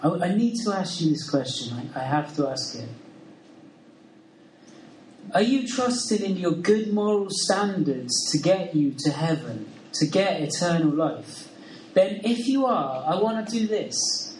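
A man's voice: high voice, lively intonation, measured pace, a little mellow, slight background noise. A man preaching a sermon in an earnest, conversational way, asking the listeners questions. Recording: roomy sound from a distant mic.

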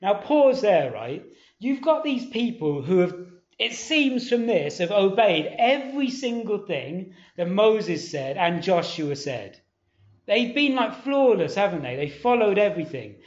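In an echoey hall with dull lo-fi sound, a man preaches with a high, sing-song voice at an unhurried pace. His delivery is conversational yet urgent as he reads scripture, questions his listeners, and drives his points home.

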